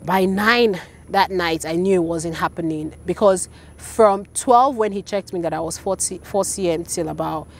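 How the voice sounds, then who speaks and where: A woman in her thirties, an interview guest telling a personal story in casual chat, animated and acting out the voices of people she quotes. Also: lowish voice, moderate pace.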